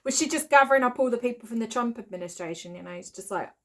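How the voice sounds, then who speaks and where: A woman's voice: on the high side, expressive, quick pace. A woman hosting a reaction video, mocking a film with sarcastic, exasperated commentary and frequent swearing.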